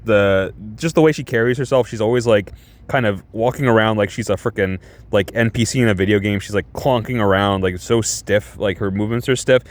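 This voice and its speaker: A man casually reviewing a show in a vlog, excitable and rambling, swearing a lot. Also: fairly low pitch.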